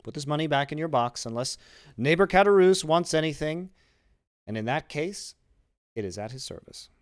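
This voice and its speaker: A man's voice: expressive, moderate pace, no echo, clean studio sound, lightly acted. A man voicing an earnest, generous young sailor with emphatic, lifted delivery. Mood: cool, polite. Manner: raised pitch, emphatic.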